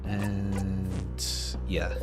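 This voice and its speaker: A man casually commenting on a video game as he plays, rambling with halting filler words. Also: deep voice, monotone. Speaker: let's play gamer. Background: background music.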